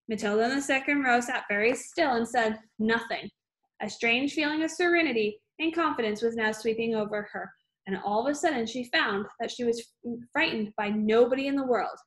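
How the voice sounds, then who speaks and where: A woman's voice: on the high side, brisk, a bit bright. A woman reading a children's novel aloud, unpolished, with small slips and fillers. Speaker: reader.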